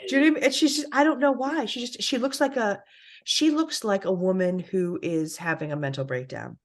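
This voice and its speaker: A middle-aged woman co-hosting a podcast in casual chat, candid and animated, swearing freely. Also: medium pitch, brisk. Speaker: podcast co-host.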